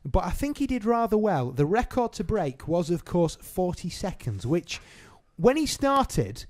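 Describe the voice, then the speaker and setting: A man's voice: high-pitched, sing-song, a little slow, a little mellow. A man co-hosting a podcast in a playful, teasing way. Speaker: podcast co-host. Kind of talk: casual podcast banter.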